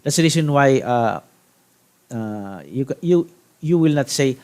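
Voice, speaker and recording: A man from the Philippines teaching a Hebrew grammar lesson, deliberate, checking in with "okay?" and restarting phrases. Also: mid-range voice, animated, a little mellow. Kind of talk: classroom grammar lecture.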